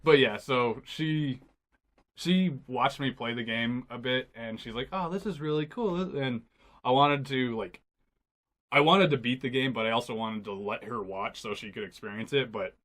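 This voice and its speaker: A man co-hosting a casual gaming podcast, laughing easily and talking in halting, filler-heavy phrases. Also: medium pitch, fairly even intonation, fairly bright tone. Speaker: podcast co-host.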